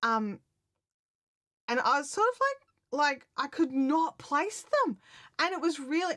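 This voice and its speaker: A woman talks to her live-stream audience in a loose, excitable way, stopping and restarting her sentences. Her voice sits a little high. The sound is dry and close, with no room echo. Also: unhurried. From Australia. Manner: chatty and excitable, many fillers and restarts. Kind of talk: casual live-stream chat.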